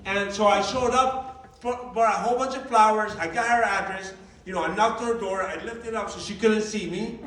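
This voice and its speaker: In a large meeting room, this man's high voice moves at a moderate pace as he gives an animated storytelling presentation, performing the quoted lines himself. His distant mic captures an echoey hall and a noisy background.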